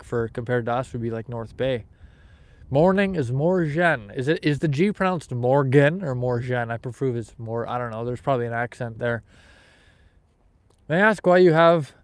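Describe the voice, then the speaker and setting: A man's voice: medium pitch, clear, resonant tone. Laid-back man chatting on a live fishing stream. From Canada. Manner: easygoing, chatty, rambling with restarts. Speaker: fishing livestream host. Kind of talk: casual livestream chat, reading viewer comments aloud. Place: outdoors, fishing in snow.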